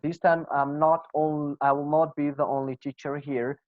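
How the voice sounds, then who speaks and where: A man's voice: on the high side, level tone, moderate pace, no echo. A man with a Kurdish accent teaching English pronunciation in an online class, patiently repeating example phrases. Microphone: video call. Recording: dull, dry video call audio.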